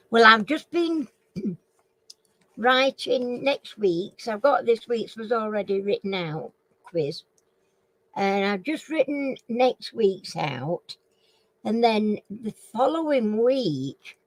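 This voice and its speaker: A Northern English woman with a mid-range voice hosts a casual live-stream chat and quiz, rambling along and repeatedly clearing a frog in her throat. The audio quality is poor.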